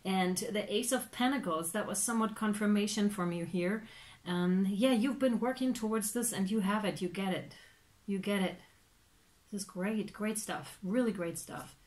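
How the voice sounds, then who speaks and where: A woman's voice: medium pitch, normal speed. Chatty woman giving a tarot reading. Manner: chatty, animated, lots of fillers and acted-out reactions. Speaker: tarot reader.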